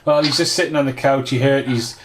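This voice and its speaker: Easygoing man, mid pitch. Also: fairly even intonation, a little fast, a bit bright. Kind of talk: casual film commentary chat.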